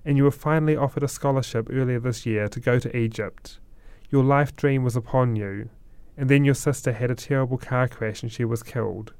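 A man voicing a kindly older stranger with a white beard, reassuring and lively. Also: medium pitch, smooth, no room sound, natural voice.

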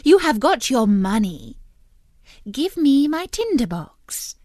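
A sly, grasping old witch from a storybook, as a woman reading aloud puts her on. Her demands come out sharp and raised, with plenty of swing in the pitch, recorded close and dry. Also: sing-song, slow, no room sound, exaggerated voice. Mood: demanding.

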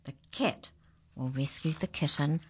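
A woman reading a rhyming children's picture book aloud, dramatic, dropping to hushed whispers and rising to high exclamations. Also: unhurried, husky. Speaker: children's story reader.

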